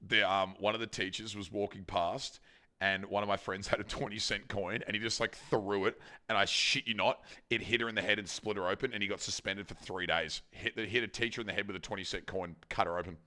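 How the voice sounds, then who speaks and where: Young Australian man, casual cooking streamer, very bright tone, swears and jokes a lot. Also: on the low side, steady tone, a little fast. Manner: joking, swears freely, rambling. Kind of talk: casual livestream chat while cooking. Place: home kitchen.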